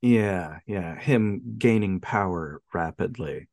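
A man's voice: sits low, slow pace, dry recording, clean studio sound. A man co-hosting a film podcast in casual chat, chuckling often and retelling scenes. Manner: chuckling, retells scenes with animated quoted lines.

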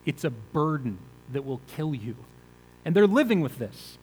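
A man's voice: a little high, sing-song, moderate pace, darkish tone, slightly rough, long reverb tail, poor audio. A male pastor preaching a conversational sermon, asking the listeners rhetorical questions.

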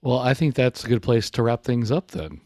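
A man's voice: medium pitch, expressive, normal speed, darkish tone, no room sound, studio quality. A man co-hosting a podcast, giving short replies and a friendly wrap-up at the end of the episode. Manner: brief backchannels, friendly wrap-up. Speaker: podcast co-host. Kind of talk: casual podcast chat and outro.

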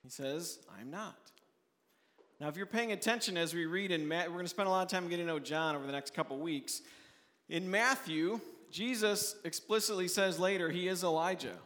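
A man preaches an earnest midweek sermon, talking it through plainly and often restarting his phrases. His voice sits on the higher side, and long reverb from the church hall trails after each line. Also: fairly quick, fairly bright tone. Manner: earnest, restarts often, voices quoted questioners in a raised pitch. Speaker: pastor.

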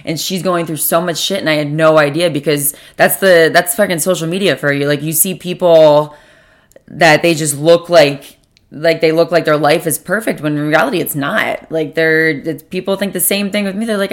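A woman's voice: low-pitched, moderate pace. A young woman hosting a solo podcast, chatting casually at a table at home, rambling, swearing often and correcting herself as she goes. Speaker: podcast host.

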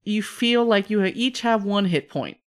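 A woman's voice: medium pitch, expressive, moderate pace, close to an everyday voice. A woman voicing a weary male mage who sighs and dodges questions. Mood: exasperated. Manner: exasperated, evasive, sighing. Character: weary male mage talking to unseen voices.

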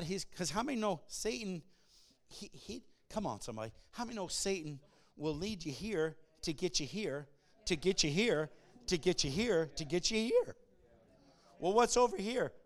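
A male pastor preaching to a congregation, emphatic and animated, swinging between loud shouts and hushed, near-whispered passages. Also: high-pitched, normal speed, creaky. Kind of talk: sermon. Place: church before a congregation.

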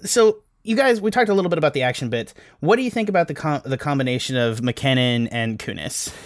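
A man's voice: medium pitch, animated, fast, dry recording. A man chatting casually as a podcast film reviewer, rambling and self-deprecating with many restarts.

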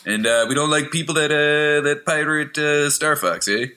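A man putting on a jokey Canadian customs officer, folksy, drawn-out and peppered with "eh". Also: a little high, sharp tone, pitched above the performer's own voice. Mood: mocking.

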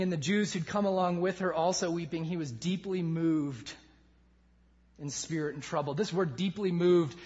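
A man preaching a sermon with passion, swinging from loud emphasis to hushed lines. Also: high-pitched, dull audio. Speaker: pastor.

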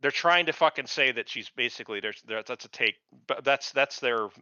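A man's voice: medium pitch, fairly quick, pushed and bright, clean tone, dry recording. A middle-aged man co-hosting a podcast, ranting in casual chat with heavy profanity and disbelief. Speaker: podcast co-host. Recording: dull lo-fi podcast mic.

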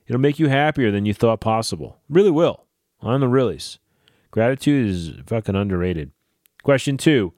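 A man hosting a casual solo podcast, swearing freely and ranting in a lively way. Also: lowish voice, dry recording, studio quality. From New Jersey / New York area. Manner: profane, animated ranting. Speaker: podcast host.

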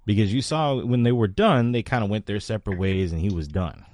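A man's voice: on the low side, brisk, a little mellow, no echo, studio quality. A man hosting a podcast, chatting casually and making wisecracks. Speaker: podcast host. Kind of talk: casual chat.

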